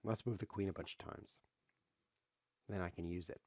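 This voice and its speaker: A man streaming online chess, talking in a playful, rambling way with deadpan jokes as he plays. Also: low-pitched, normal speed, no echo, clean studio sound. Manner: jokey, rambling deadpan asides. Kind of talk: playful live commentary while playing.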